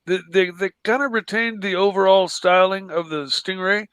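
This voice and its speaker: Male co-host, halting casual chat, fairly high pitch, clean dry sound. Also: steady tone, a bit bright, clear, resonant tone, dry recording. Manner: hesitant, full of ums and restarts.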